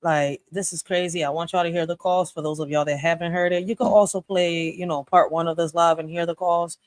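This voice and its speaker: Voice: medium pitch, steady tone, fairly quick, no room sound. Casual livestream co-host addressing viewers.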